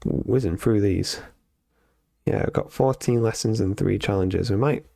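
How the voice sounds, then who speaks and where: Low-voiced man thinking aloud while coding. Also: unhurried, creaky, mellow, no room sound, clean studio sound. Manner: thinks aloud with many fillers and self-corrections. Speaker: streamer learning to code. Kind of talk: live coding stream, reading lessons aloud.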